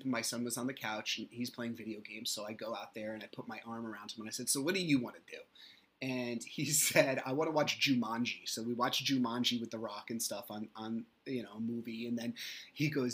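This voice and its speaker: A man's voice: mid-range voice, normal speed, a bit bright. A man in his thirties, hosting his own podcast solo, telling a story about his kids in a casual, rambling way. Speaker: podcast host.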